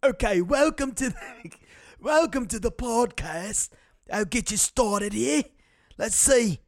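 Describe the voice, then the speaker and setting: Feeble old British gent, high and quavering, a man putting it on. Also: animated, takes it slowly, no room sound, studio quality, full character voice. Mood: doddering.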